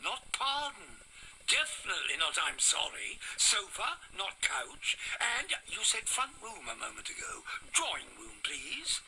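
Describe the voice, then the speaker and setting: An actor playing a grand, snobbish aging stage actor and lord in a radio drama, with a pompous, plummy way of correcting other people's words. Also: male voice, high-pitched, huge pitch swings, unhurried, bright, forceful tone, slight background noise, full character voice, rough recording. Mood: theatrical. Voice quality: plummy, theatrical delivery. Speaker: acting coach.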